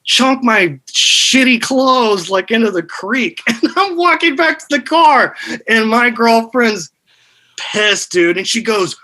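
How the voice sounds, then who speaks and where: A man in his thirties in casual podcast chat, telling an animated, crude story full of "dude". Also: very high-pitched, measured pace, poor audio.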